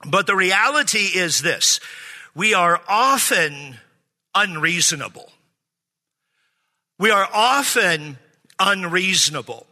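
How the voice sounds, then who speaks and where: A man's voice: high-pitched, lively intonation, takes it slowly, long pauses, pushed and bright. A man preaching as a pastor, joking with his congregation and calling for amens. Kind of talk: sermon. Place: church sanctuary. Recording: hall reverb.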